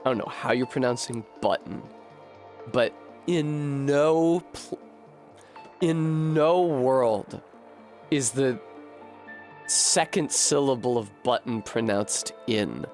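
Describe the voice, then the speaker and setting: A man streaming a game, thinking out loud in a rambling way, swearing freely and running himself down. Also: medium pitch, lively intonation, slow, long pauses, faint music behind. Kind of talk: casual live-stream commentary.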